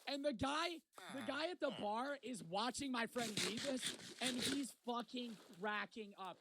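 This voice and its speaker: A young man with a high, light voice tells a rowdy, profane story in casual storytime fashion. The recording carries a noticeable hiss of background noise. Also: measured pace. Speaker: vlogger.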